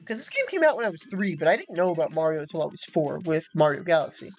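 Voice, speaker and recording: Young woman hosting a let's play, animated, chatty, giggly, with faint game music under her voice. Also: low voice, fast talker. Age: young adult. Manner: chatty, filler-heavy, giggly asides. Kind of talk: casual gameplay commentary.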